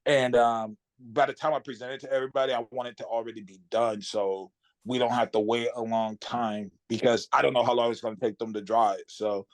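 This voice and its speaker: A man, a guest comic writer, chatting casually on a podcast and telling animated stories, laughing often. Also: mid-range voice, a little fast.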